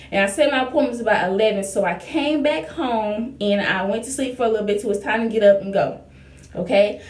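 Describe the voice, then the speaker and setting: Young woman telling a story in a roomy space. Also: on the high side. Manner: lively storyteller, acts out quoted dialogue. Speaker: vlogger. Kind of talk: casual storytelling. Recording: roomy echo.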